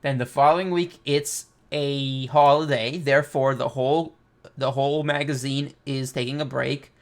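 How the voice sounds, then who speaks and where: A man hosting a casual comic reaction, reading panels aloud and thinking out loud with excitement. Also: medium pitch, normal speed. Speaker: manga reaction host.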